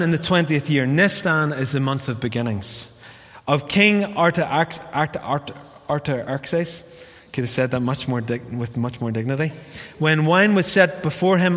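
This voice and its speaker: A man with a Northern Irish accent preaching a lively, jokey sermon as pastor, acting out the quotes he tells. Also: a little high. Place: church hall. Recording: long hall reverb.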